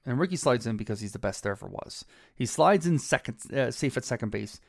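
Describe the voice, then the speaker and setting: A man's voice: medium pitch, fairly quick, gravelly, no room sound, clean studio sound. A man in his thirties from Cleveland hosting a podcast, telling baseball stories with enthusiasm and acting out the quotes. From Cleveland, Ohio. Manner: enthusiastic, quotes players in lively voices. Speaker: podcast host. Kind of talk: casual baseball storytelling.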